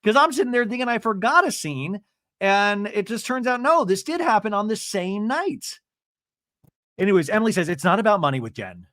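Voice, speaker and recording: Animated man recapping a reality show. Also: high voice, normal speed, no echo, clean studio sound. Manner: animated and chatty, jokey asides. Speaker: podcast host. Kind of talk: casual TV recap commentary.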